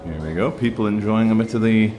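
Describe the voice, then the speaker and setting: A man's voice: lowish voice, fast, warm tone. A man talking casually to camera as he walks around and tries food, rambling along with plenty of fillers. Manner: chatty, rambling with many fillers. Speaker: travel vlogger. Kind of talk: casual walking vlog commentary. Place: indoor shopping centre, then outdoor bench. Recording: faint background noise.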